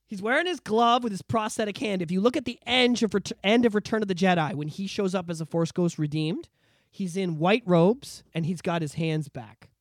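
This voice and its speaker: A man hosting a podcast in casual chat, excitable and emphatic, swearing freely. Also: high voice, normal speed, dry recording, clean studio sound. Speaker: podcast host.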